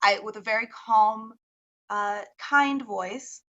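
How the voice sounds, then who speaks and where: A woman playing in a tabletop game, chatty and quick to laugh as she describes her actions. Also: mid-range voice, sharp tone. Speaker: player. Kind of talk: tabletop role-play. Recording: slightly dull lo-fi sound.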